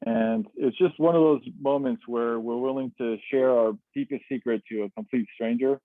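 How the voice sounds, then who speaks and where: A man with a mid-range voice tells his own story, candid and reflective, pausing on fillers and restarting his sentences. The sound is tinny and phone-like, completely dry, captured over a video call. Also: mid-range voice, steady tone, no room sound. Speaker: webinar guest. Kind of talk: personal storytelling. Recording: tinny dry webinar audio.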